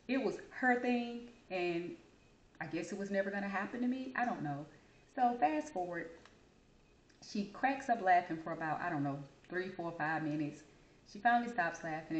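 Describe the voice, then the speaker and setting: A woman chatting straight to her viewers, telling a story with big swings in her voice and a high squeal when she quotes herself. Her easy vernacular and y'all give it a homey feel, and the room adds a clear echo. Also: moderate pace. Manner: animated, high squeaky voice for quoted childhood self; Southern-style American vernacular, addresses audience as y'all. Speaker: host.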